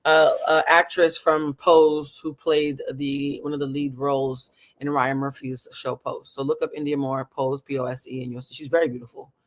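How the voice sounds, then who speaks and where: A livestream host speaking with passion and emphasis, leaning hard on key words. Their voice sits at a middle pitch. They often call their audience honey and baby. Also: level tone, normal speed, hardly any pauses. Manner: emphatic, impassioned, calls listeners honey and baby. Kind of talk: live commentary talk show.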